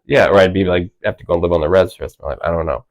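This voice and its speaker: A man's voice: sits low, racing, poor audio. A man in his thirties, an author talking casually at a library event, rambling with lots of filler words and restarts. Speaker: author guest. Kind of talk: casual conversation.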